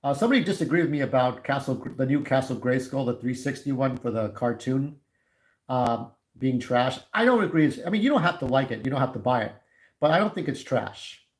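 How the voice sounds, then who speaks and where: A man's voice: medium pitch, lively intonation, a little fast, low-quality recording. Guy in his 40s rambling to his livestream chat, blunt opinions, ordinary mid voice. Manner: candid, opinionated, talks straight to viewers. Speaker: YouTube livestreamer.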